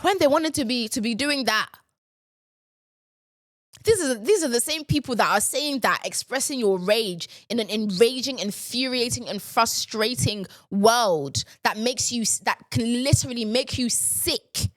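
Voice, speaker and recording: A woman's voice: fairly high pitch, expressive, unhurried, fairly bright tone, no echo, clean studio sound. A young woman, hosting a podcast and ranting in an exasperated, repetitive way. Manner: exasperated, ranting, repeats herself. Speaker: podcast host. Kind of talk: casual ranting monologue.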